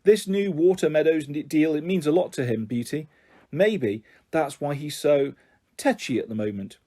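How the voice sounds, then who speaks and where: A man voicing a gentle, anxious mother who speaks softly and coaxes her daughter with forced cheerfulness. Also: a little high, big pitch swings, brisk, slightly rough. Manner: soft, coaxing, forced cheerfulness.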